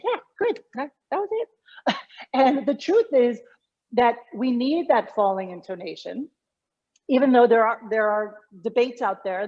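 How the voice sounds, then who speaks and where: Explanatory woman coach, lo-fi sound. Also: fairly high pitch. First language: English. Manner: explanatory, emphatic, lively teaching tone. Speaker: communication coach, guest. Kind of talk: conversational interview.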